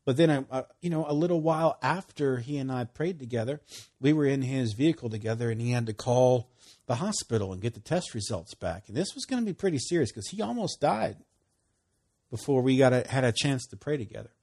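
A man's voice: medium pitch, animated, fairly quick, mellow. A man preaching a casual sermon in a folksy, storytelling manner with emphatic repeats.

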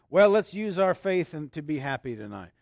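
A man preaching with a high, buoyant voice that leaps up and down in pitch. He laughs often and swings between quiet asides and loud bursts. The sound is dry and close. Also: gravelly, no echo. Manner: exuberant, laughing, shifts between hushed and loud; leads congregation in a loud spoken declaration. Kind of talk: sermon.

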